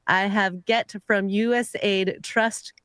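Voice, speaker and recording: A woman's voice: medium pitch, steady tone, slow, a bit bright, clean tone, no echo. Woman doing a pushy cryptid monster scammer, broken English, overdone put-on accent, dry sound. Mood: pleading. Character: scam-letter cryptid sauropod, male, pushy and pleading.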